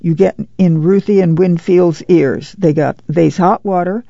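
A man's voice: high voice, fairly even intonation, a little slow, creaky, dark tone, dry recording, muffled recording, full character voice. A man voicing a proud, tired mother. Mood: bustling. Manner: plainspoken, firm, folksy drawl. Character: weary, proud middle-aged mother of a migrant family.

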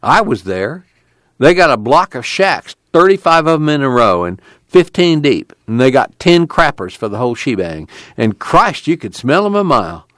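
A man's voice: big pitch swings, moderate pace, a bit bright, no echo, clean studio sound. A man doing a profane tubby Okie migrant. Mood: indignant. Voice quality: blunt, profane, raised pitch. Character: gruff tubby middle-aged male migrant, blunt storyteller.

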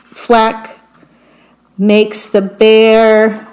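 Slow, expressive woman reading picture books. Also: a little high, poor audio. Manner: slow, expressive read-aloud with descriptions of the pictures. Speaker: storybook reader.

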